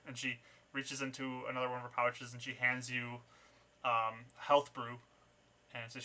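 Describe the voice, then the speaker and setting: A man's voice: medium pitch, level tone, normal speed, pushed and bright. A man narrating as game master in a tabletop game, in a loose, conversational way with fillers.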